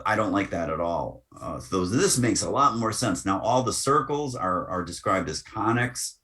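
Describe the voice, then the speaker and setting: A man giving a screen-recorded software lesson as the instructor, talking through each click with casual asides. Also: low-pitched.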